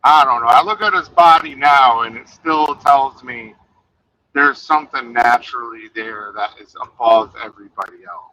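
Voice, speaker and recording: A man's voice: medium pitch, moderate pace, bright, forceful tone, dry recording, low-quality recording. A man in a casual podcast chat, talking in a mumbling, profane way that often trails off.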